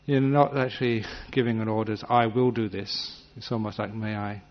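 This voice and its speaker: A man giving a gentle, humorous meditation talk, acting out little scenes as he teaches. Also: on the low side, fairly even intonation, moderate pace. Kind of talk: dharma talk. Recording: dull lo-fi recording.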